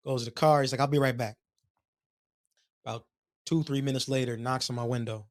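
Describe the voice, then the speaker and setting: A podcast co-host, a man with a medium-pitched voice, tells a story fast and animatedly, acting out the voices of people he quotes. The casual chat is recorded in studio quality with no echo.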